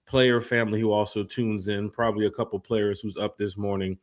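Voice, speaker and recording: A man co-hosting a casual live fan podcast, reading out viewer shout-outs with energy. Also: on the low side, little pitch movement, a little fast. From lived in Memphis. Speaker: podcast co-host. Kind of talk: casual live-stream chat.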